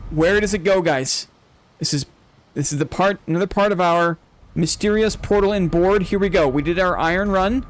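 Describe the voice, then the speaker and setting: A man streaming a game live, commenting casually and getting excited and gushing as he explores. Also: high-pitched, normal speed. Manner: excitable, gushing, laughs often.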